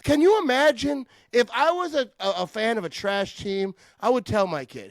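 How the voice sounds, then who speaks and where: A middle-aged man hosting a casual sports chat, animated and trash-talking, laughing often. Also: very high voice, moderate pace, few pauses, no room sound. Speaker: podcast host.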